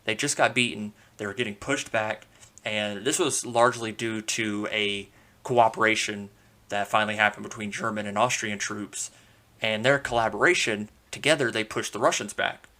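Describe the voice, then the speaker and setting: Casual low-voiced podcast man. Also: normal speed. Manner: relaxed and conversational, with frequent fillers and playful asides. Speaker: podcast host. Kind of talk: casual history storytelling.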